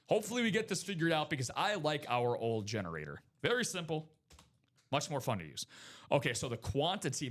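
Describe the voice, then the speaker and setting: A man hosting a live autograph break stream, chatty and hyped, joking with his co-host. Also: mid-range voice. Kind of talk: upbeat live-stream sales patter. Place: studio break room.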